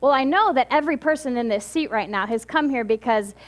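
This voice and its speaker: A woman minister gives a relaxed weekly talk, telling a parable in a loose, chatty way. She talks in a high voice, often stopping and restarting her sentences. Now and then she laughs at her own telling. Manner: chatty and halting, with many restarts, laughing at herself. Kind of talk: sermon with storytelling.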